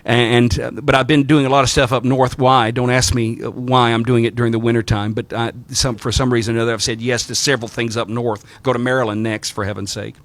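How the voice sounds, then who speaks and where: This mid-range, level-toned man talks fast with hardly any pauses, recorded without room sound. He's a middle-aged Southerner and Orthodox priest showing clergy how to preach, full of folksy tales and repeated phrases.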